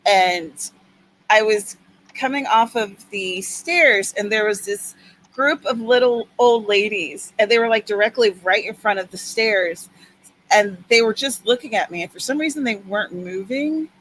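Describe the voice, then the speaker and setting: A woman's voice: medium pitch, measured pace, poor audio. Woman host, casual chat, teasing, faint background hiss. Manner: chatty, teasing, animated storytelling. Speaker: writing livestream co-host.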